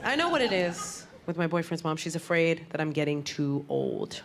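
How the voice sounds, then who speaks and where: A woman in her thirties from Puerto Rico works a live comedy club crowd, animatedly acting out characters in exaggerated voices. Her voice sits low at a moderate pace. Reverb, laughter from the audience and a slight hiss or hum come through the recording.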